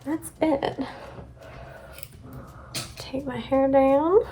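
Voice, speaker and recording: A woman's voice: sits high, darkish tone. A young woman vlogger chatting casually to her viewers while doing her makeup and hair. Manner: chatty, talks to viewers as "you guys". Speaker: beauty vlogger. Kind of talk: casual get-ready-with-me chat.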